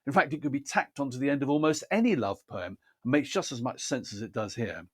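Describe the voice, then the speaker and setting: A man explains poetry reading in a careful, precise teaching manner. His pitch sits in an ordinary middle range, and he lays out each point methodically. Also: animated, fast talker, breathy edge. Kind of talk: scripted instructional talk.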